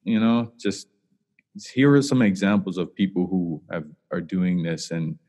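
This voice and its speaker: Man, podcast host, deep voice, hesitant, encouraging, long reverb. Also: a little slow. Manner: relaxed, encouraging, hesitant with fillers. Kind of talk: casual interview chat.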